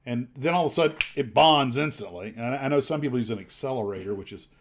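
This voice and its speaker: A man's voice: medium pitch, lively intonation, fast, slight background noise. A man hosting a casual livestream chat, rambling along with lots of fillers and restarts. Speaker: livestream host.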